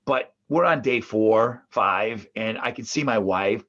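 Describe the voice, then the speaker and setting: A man from the northeastern United States co-hosting a podcast from his mother's basement, telling family stories in a casual, animated way with plenty of swearing. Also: fairly low pitch, slow pace, lo-fi sound. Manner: animated storyteller, swears, acts out family members' voices. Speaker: podcast co-host.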